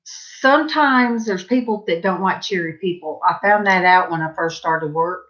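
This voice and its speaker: A middle-aged woman with a Southern accent, telling rambling, chatty stories in a casual vlog and brightening her voice whenever she quotes herself. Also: fairly low pitch, moderate pace, dull audio. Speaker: vlogger. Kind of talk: casual storytelling.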